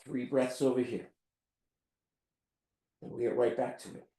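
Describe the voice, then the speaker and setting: A male fitness instructor leading a live workout class, counting reps aloud and giving calm step-by-step cues while out of breath. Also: medium pitch, measured pace, reverberant.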